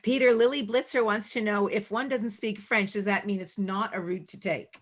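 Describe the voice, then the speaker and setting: A woman's voice: mid-range voice, steady tone, moderate pace. Polite woman moderating a video call. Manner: brief, polite. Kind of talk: relaying audience questions.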